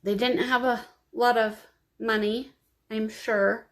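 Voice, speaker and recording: Woman vlogger, tearful personal storytelling to camera, unhurried and a little high-pitched. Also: fairly even intonation. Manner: emotional, confiding, slow and halting. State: crying.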